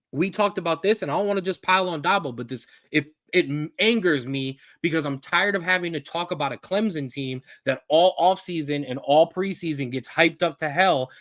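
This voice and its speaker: A man co-hosting a sports show, slightly high-pitched and ranting with fired-up energy. His voice is close and dry, with almost no room sound. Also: fairly bright tone, no room sound. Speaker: co-host. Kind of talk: casual sports chat.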